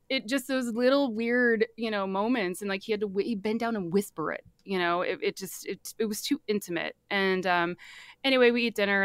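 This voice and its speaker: A woman's voice: fairly low pitch, a bit bright, clean tone, dry recording. A woman guest on a podcast, telling a personal story in a chatty way, full of fillers, acting out what people said.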